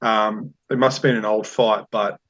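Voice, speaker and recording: A man's voice: lowish voice, steady tone, normal speed, a bit bright, muffled recording. A man co-hosting a podcast, chatting casually with crude, profane humor. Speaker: podcast co-host. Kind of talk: casual chat.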